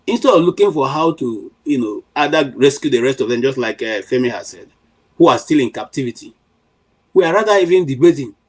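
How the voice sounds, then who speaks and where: A man's voice: medium pitch, husky, poor audio. A middle-aged Nigerian man giving impassioned political commentary on a panel, emphatic, with frequent restarts and "you know" fillers.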